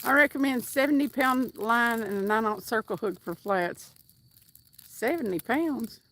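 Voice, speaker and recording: Woman, high-pitched, upbeat livestream host, chats and reads comments while fishing outdoors. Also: expressive, a little slow, fairly bright tone. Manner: upbeat and chatty, whoops now and then. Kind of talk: casual livestream chat, reading viewer comments aloud.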